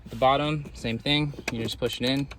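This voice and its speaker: Man, mid-range voice, garage repair walkthrough, relaxed step-by-step talk, clear shop noise behind. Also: mid-range voice, moderate pace. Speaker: mechanic.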